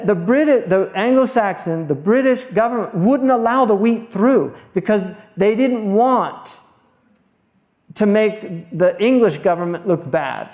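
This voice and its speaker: A man's voice: high voice, darkish tone. An American man giving an informal religious lecture, talking bluntly and conversationally with many restarts and asides. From United States. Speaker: Islamic scholar lecturing.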